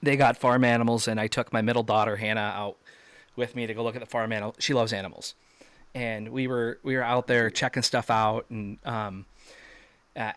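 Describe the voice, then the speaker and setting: On a video call, a male guest tells a story in a casual interview, acting out shouted quotes with sudden leaps in pitch. His tone is clear and resonant, with no room sound.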